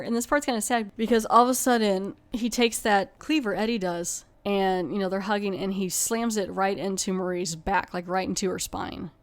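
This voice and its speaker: A woman hosting a podcast, chattily retelling a television episode with many fillers like "you know". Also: mid-range voice. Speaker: podcast host. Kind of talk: casual plot retelling.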